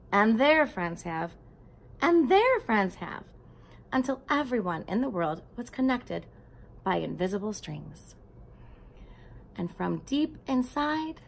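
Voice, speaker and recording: A woman reading a storybook aloud and then talking tenderly to her grieving nephews, often dropping into a soft whisper. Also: mid-range voice, creaky, a little hiss or hum. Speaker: aunt speaking to grieving nephews.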